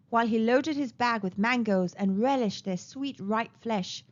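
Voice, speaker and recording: A woman reading a children's storybook aloud in an animated, sing-song way. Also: a little high, a little slow, few pauses. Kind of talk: read-aloud storybook narration. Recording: slightly dull lo-fi recording.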